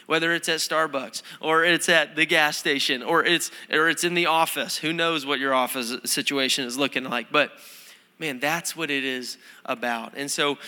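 A male pastor with a bright, ringing voice that sits a little higher than most men's. He preaches in a loose, conversational way, full of ums, restarts and self-deprecating jokes. His words carry the long reverb of a large church hall. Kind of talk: sermon.

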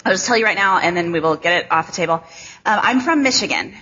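Brief: thirties Midwestern woman, nasal and bright, a little husky, casual halting speech, dull lo-fi recording. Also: on the low side, lively intonation. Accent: American Midwest. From Chicago, USA. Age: 30s. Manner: candid, self-deprecating, halting with many ums. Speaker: guest speaker. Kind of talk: conversational speech to a church audience.

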